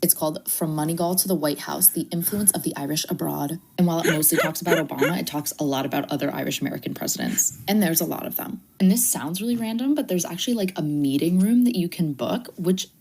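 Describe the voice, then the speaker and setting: A woman's voice: low voice, fast talker, creaky, hardly any pauses, background noise. A woman narrating a travel vlog in a chatty, upbeat, explaining way. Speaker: video narrator.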